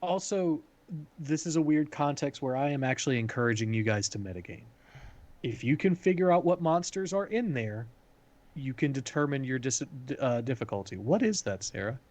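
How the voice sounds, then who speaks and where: A man acting as game master, calmly explaining hints and rules to players. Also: mid-range voice, normal speed. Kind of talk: running a tabletop game.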